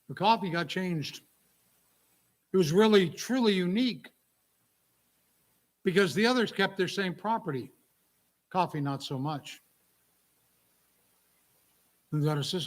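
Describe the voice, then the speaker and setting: A man, a church minister, preaching a sermon as he tells an illustrative story with drawn-out pauses. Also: high voice, expressive.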